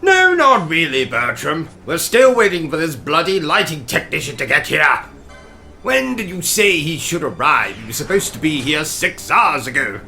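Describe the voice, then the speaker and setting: A man's voice: on the high side, sing-song, normal speed, vocal fry, pushed and bright, faint music behind. Pompous British man with a wildly swinging voice. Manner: pompous, theatrical, exclamatory. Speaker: gaming channel host. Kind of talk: comedic let's-play commentary with skits.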